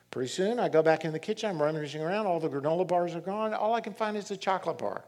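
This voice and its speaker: A middle-aged man preaching a sermon as pastor, reading scripture and telling stories in an animated way. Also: sits high, fast talker, hardly any pauses. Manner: animated storytelling, reads scripture aloud.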